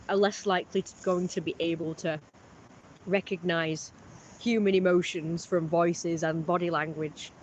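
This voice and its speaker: This is a mid-range voice with a touch of hiss or hum, belonging to a person vlogging outside along a canal. The talk is a loose, boastful ramble, captured in slightly muffled outdoor audio with faint sounds behind it.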